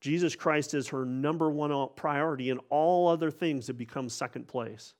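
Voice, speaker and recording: A man's voice: a little high, moderate pace, darkish tone. A man preaching a sermon in an earnest way, often restarting and repeating words as he goes.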